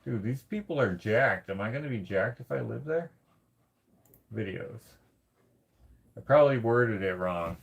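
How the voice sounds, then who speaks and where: A man from Canada hosting a casual livestream, reading viewer comments aloud and rambling as he thinks out loud. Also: lowish voice, animated, unhurried, creaky, long pauses, slightly rough. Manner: rambling, thinks out loud while searching things up. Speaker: livestream host.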